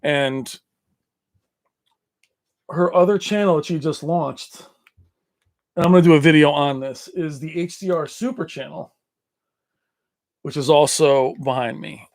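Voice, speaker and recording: A man with a fairly high voice chats casually on his livestream, rambling and laughing often. The sound is dry and close. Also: unhurried, pauses often, no room sound. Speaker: livestream host.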